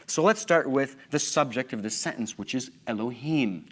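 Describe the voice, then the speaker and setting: A man's voice: medium pitch, lively intonation, normal speed. A man giving a conference lecture, emphatic and full of questions to the audience. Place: conference hall.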